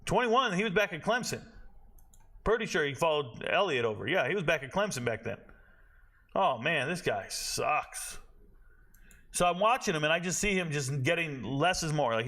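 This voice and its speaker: Male sports host, bright and forceful, slightly high voice, blunt and profane. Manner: blunt, profane, animated, talks to himself while checking stats. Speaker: college football podcast host. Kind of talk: casual opinionated commentary.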